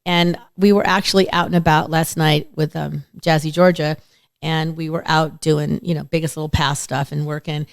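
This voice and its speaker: A woman's voice: low-pitched, moderate pace, gravelly, no echo, studio quality. A woman hosting a radio talk show, chatting casually and acting out little stories with quoted voices. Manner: chatty, animated storytelling with acted-out quotes. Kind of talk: casual chat.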